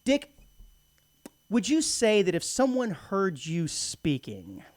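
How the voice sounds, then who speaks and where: A man's voice: high voice, wildly swooping pitch, takes it slowly, a little mellow, no echo. A man from Texas co-hosting a community radio show, chatting casually in a joking, rambling way from a studio microphone.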